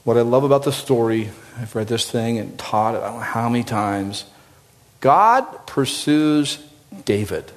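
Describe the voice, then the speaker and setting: A male pastor preaching a sermon in an animated, conversational way, swinging from loud, high emphasis to low, quiet asides. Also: a little slow. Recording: long reverb of a large hall.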